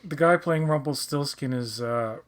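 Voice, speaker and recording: A man's voice: a little high, normal speed. Teasing man hosting a fan podcast. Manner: teasing, joking. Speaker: podcast host. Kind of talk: casual fan commentary chat.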